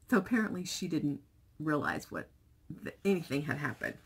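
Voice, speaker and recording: Middle-aged woman, vlogger, husky and gravelly, unhurried, very lively pitch; emotional storyteller. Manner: chatty and emotional, retelling dialogue with animated voices. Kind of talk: casual personal vlog storytelling.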